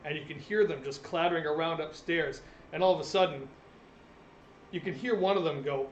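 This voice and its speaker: A man's voice: fairly high pitch, fairly quick, reverberant, lo-fi sound. A young man narrating a tabletop game as game master, chatty and self-deprecating.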